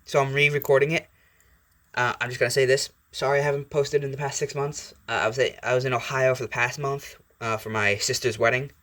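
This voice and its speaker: A man's voice: mid-range voice, level tone, a little fast, a bit bright. A young man hosting his channel, telling a fan story in a chatty, rambling way with fillers and self-corrections. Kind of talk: casual fan-fiction storytelling.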